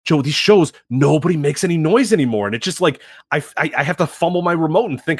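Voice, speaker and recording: A man co-hosting a podcast in casual chat, telling rambling, animated stories full of fillers. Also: a little high, fast, slightly rough, no echo, studio quality. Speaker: podcast co-host.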